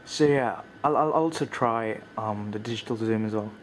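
A man vlogging casually outdoors at night while cold and shivering, talking to viewers with fillers and now and then dropping to quiet murmured asides, recorded on a camcorder's built-in mic. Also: on the low side, moderate pace, slight background noise. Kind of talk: casual vlog narration.

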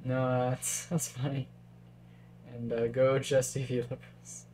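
A man's voice: medium pitch, flat delivery, slow, mellow, slight background noise. Chatty male chess stream commentator. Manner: chatty, thinks aloud, reads chat. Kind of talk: casual live-stream commentary.

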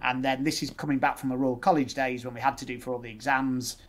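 A man's voice: mid-range voice, level tone, fast talker. A man, a guest dentist talking through his practical methods step by step. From West Yorkshire, England. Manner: practical, explains step by step, uses patient scripts. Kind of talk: casual interview chat.

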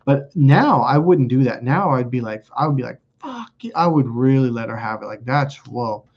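Heard on a dull lo-fi recording, this man has a mid-range, slightly rough voice at a moderate pace. He hosts a casual livestream where he reads comments from viewers and tells rambling stories bluntly, cursing freely.

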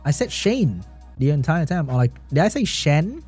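A man giving live esports commentary on a stream, reacting excitedly, laughing often and chatting with his viewers. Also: a little high, moderate pace, husky, faint music behind. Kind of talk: live game commentary while reading chat.

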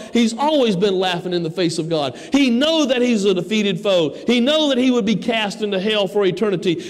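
A man preaching a sermon, acting out the voices in the story he tells. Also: sits high. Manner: emphatic preaching, acts out quoted voices. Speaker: pastor. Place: church sanctuary. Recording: church hall reverb.

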